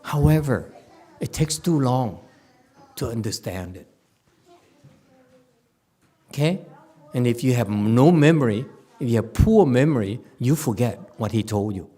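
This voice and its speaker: A man giving a Chan Dharma talk as a Buddhist meditation teacher, animated and teasing, laughing often. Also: mid-range voice, a little slow, pauses often, husky.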